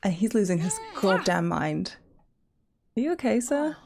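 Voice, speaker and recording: A young woman giving crude, excitable running commentary while she plays a life-simulation game. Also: medium pitch, moderate pace, vocal fry, noisy background. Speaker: gaming streamer. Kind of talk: casual let's-play commentary.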